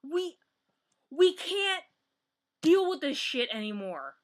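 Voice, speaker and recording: A woman's voice: sits high, sing-song, slow. A young American woman giving a heated political rant as a vlogger, blunt and swearing, often breaking off and restarting, recorded on a built-in computer mic at home. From United States.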